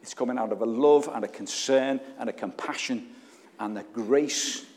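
A man's voice: medium pitch, normal speed, darkish tone. A man preaching a sermon, earnest and emotional, putting questions to the congregation. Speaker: pastor. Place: church. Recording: long reverb of a church hall.

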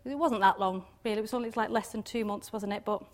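A woman giving an informal devotional talk on scripture, chatty and quick to laugh, often ending points with little questions. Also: mid-range voice. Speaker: Bible teacher.

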